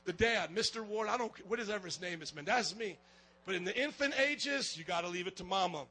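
Bright, high-voiced preaching man. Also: fairly quick, poor audio. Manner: lively preaching, calls for amens and gets loud. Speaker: pastor. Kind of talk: sermon.

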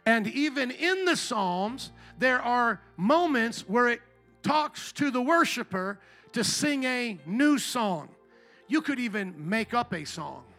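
A male pastor delivering a sermon with real fervor, dropping to a hush and then shouting out to the crowd. His voice sits high and rings bright and forward. Faint music plays beneath his words. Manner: impassioned, swings between soft and shouted.

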